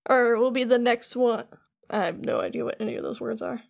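A woman's voice: a little high, a little fast, creaky. A young woman co-hosting a podcast, chattily recapping a video game with lots of fillers. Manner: animated, chatty, full of "like". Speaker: podcast co-host. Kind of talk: casual chat, recapping a game.

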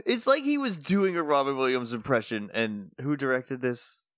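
A man's voice: medium pitch, lively intonation, moderate pace, fairly bright tone, no room sound, clean studio sound. A man co-hosting a podcast in casual chat, wry and joking. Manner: wry, joking, laughs often. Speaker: podcast co-host.

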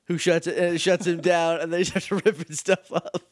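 A man's voice: a little high, level tone, normal speed, no echo. A man co-hosting a casual podcast, recapping an episode in a chatty, jokey way and acting out lines. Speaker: podcast co-host.

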